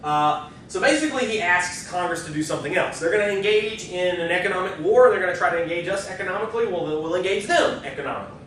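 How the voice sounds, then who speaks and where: A male history professor lecturing in a relaxed, chatty way, his voice a little high for a man. He is picked up from a distance in a very echoey lecture hall, with a faint low rumble underneath. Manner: casual and conversational, with quick asides. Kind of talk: university lecture.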